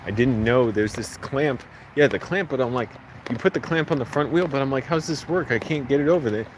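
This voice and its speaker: A man's voice: medium pitch, fairly quick, poor audio. A man talking casually to his phone camera as he walks through neighborhood streets, rambling from one thought to the next. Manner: rambling, talks to the camera while walking. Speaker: vlogger. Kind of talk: casual walking vlog. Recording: outdoor street recording with clear background noise. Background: passing traffic and outdoor street noise.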